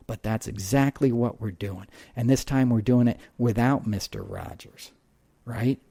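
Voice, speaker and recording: A man's voice: medium pitch, big pitch swings, a little slow, creaky, dark tone, no echo, clean studio sound. A man hosting a podcast, telling stories and talking politics in an impassioned, emphatic way, swearing freely. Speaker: podcast host. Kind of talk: casual political monologue and storytelling.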